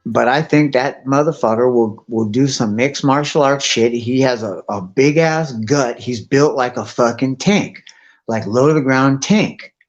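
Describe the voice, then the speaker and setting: A man's voice: mid-range voice, a little slow. A man chats loosely on a live stream, cussing nearly every sentence as he rambles from one thought to the next. The audio is dull and lo-fi, with faint music playing underneath. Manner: profane, rambling, swears constantly. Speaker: guest on a live stream chat. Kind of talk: casual rambling chat.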